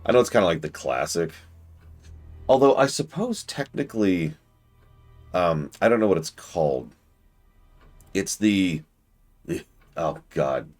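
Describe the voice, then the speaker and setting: Chatty male streamer, bass-deep with a lively swing; talks through the game and answers viewers. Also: measured pace, pauses often, soft background music. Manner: thinks aloud, chatty, answers chat. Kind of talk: casual gameplay commentary.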